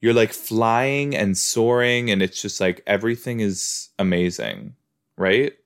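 A low-voiced man chats loosely through a TV episode, his pitch swinging up and down as he reacts. He rambles, trips over his own sentences and breaks off mid-thought. He sounds excitable and casual throughout. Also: unhurried, clean tone. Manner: rambling, excitable, self-interrupting. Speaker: podcast host reacting to a TV episode.

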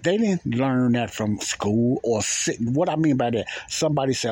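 A man's voice: mid-range voice, animated, normal speed, hardly any pauses, a little mellow, husky. A man hosting a podcast, talking in a casual, rambling monologue that repeats phrases in plain, folksy speech. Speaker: podcast host.

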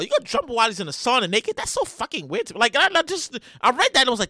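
A man with a high, bright voice hosts his own podcast, talking in a loose, profane stream full of restarts and repeated phrases. His pitch swings widely as he breaks into loud acted-out scenes. The sound is dry and close. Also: wildly swooping pitch, fast, few pauses, no echo. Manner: bursts into loud acted-out reenactments. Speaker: podcast host. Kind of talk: solo casual commentary.

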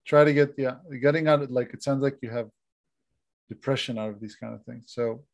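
A man's voice: medium pitch, steady tone, brisk, vocal fry. A man co-hosting a casual podcast, giving advice in a chatty way, restarting sentences and dropping to a mumble at the ends of phrases. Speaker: co-host.

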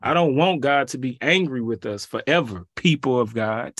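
A man reads scripture and preaches with a pleading, urgent delivery. He slips into casual, colloquial asides between the verses. The sound is dry and close, with mid-range pitch. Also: animated, moderate pace, fairly bright tone, no echo. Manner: pleading, rising to emphatic peaks. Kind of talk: bible reading and preaching.

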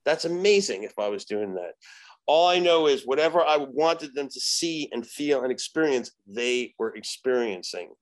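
A man in the middle of his pitch range, talking as a podcast guest. He rambles loosely with lots of "you know" fillers and swears freely as he tells his stories. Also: moderate pace, poor audio. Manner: profane, animated storyteller acting out voices. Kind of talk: casual storytelling.

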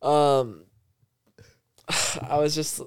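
Swearing young man with a smooth voice. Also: a little high, fairly even intonation, extremely slow. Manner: rambling, heavy swearing, laughs often. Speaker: podcast guest. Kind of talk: casual storytelling.

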